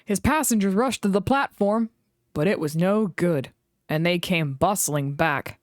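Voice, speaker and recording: A woman reading a children's storybook aloud in an expressive way. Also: lowish voice, unhurried, dry recording, studio quality. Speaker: reader.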